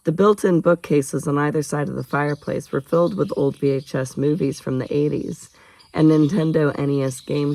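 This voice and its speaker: A man's voice: fairly high pitch, vocal fry, a little mellow, low-quality recording. A man reading a novel aloud in a casual way, stopping for chatty asides and laughing off his own slips. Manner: chatty asides, jokes about own stumbles. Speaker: audiobook reader.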